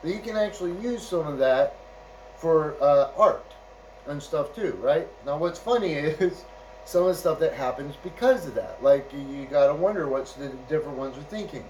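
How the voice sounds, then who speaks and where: A man's voice: fairly high pitch, expressive, moderate pace, darkish tone, distant mic, a little hiss or hum, poor audio. A man telling a casual, rambling anecdote, chuckling often and checking in with "right?" and "you know". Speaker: storyteller.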